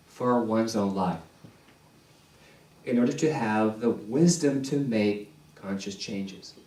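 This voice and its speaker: A male minister preaching a sermon in a slow, deliberate way, repeating key phrases for emphasis. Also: mid-range voice, a little mellow. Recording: echoey church hall, distant mic.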